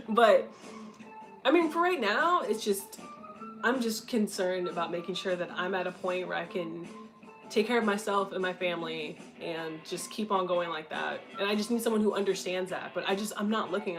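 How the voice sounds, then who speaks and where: A woman's voice: medium pitch, low-quality recording. A woman in her twenties chatting casually and candidly, blunt and profane, laughing often. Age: 20s. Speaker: content creator answering questions.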